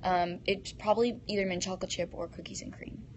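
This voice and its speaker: A woman's voice: on the low side, steady tone, fast talker, slight background noise. A teenage girl hosting a casual live stream, reading fan comments aloud and answering them in a bubbly, giggly way into a phone.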